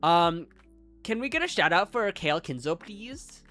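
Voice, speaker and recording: A male live streamer talking casually, rambling and cutting himself off with fillers. His voice is bright and a touch high, with pitch that swings a lot, and music plays faintly behind. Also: very animated, normal speed. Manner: rambling, heavy on fillers, self-interrupting.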